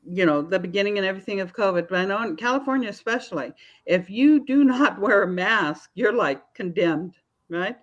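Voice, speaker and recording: A woman's voice: medium pitch, animated, fairly quick, lo-fi sound. A woman in her fifties, an author guest on a podcast, talking casually and telling stories with frequent laughs. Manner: chatty storyteller, laughs often.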